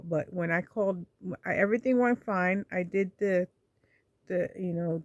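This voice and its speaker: A woman's voice: mid-range voice, a little mellow, no room sound. Rambling woman vlogger, dry sound. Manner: rambling, retells dialogue with many restarts. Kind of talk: casual storytelling vlog.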